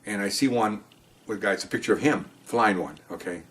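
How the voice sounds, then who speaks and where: A man's voice: on the low side, brisk, fairly bright tone. An older man, a police officer, telling rambling stories in casual chat and often checking in with "okay?". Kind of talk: casual storytelling.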